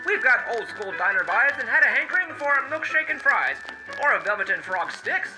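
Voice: mid-range voice, big pitch swings, a little fast, music in the background, close to an everyday voice, low-quality recording. A food vlogger putting on a theatrical old-timey transatlantic announcer voice to read an ice cream label aloud. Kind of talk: 1940s transatlantic announcer reading.

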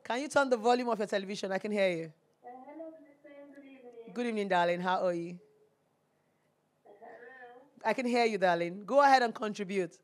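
A Nigerian woman hosting a TV call-in advice show, animated and preachy, slipping into Pidgin. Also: medium pitch, moderate pace, pauses often. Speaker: talk show host. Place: TV studio.

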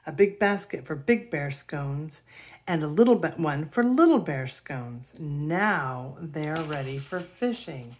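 Slow, gentle woman reading a storybook. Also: sits low. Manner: gentle, expressive read-aloud with gasps and soft laughs. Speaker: storybook reader. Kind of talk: reading a children's picture book aloud.

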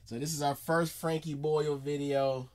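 A man's voice: a little high, level tone, moderate pace, a little mellow. A man casually hosting a comedy reaction video, loose and slangy.

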